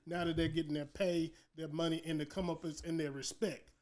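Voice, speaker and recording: A man's voice: a little high, flat delivery, a little fast, darkish tone. A man co-hosting a casual podcast chat, making emphatic points with rhetorical build-ups. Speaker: podcast co-host.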